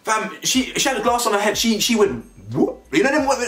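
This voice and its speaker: A man's voice: sits high, very animated, moderate pace, a bit bright, roomy sound, faint music behind. A young man giving a casual, slangy reality-show review, laughing often and repeating his words. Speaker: TV review vlogger. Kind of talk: casual reaction commentary.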